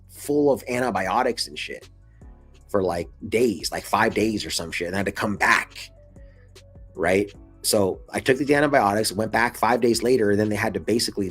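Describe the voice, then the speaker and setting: Husky young guy telling a casual story. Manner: swears freely, calls listener dude and bro; acts out quoted lines in a much higher excited voice. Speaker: vlogger. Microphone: camera mic, showing scars to camera.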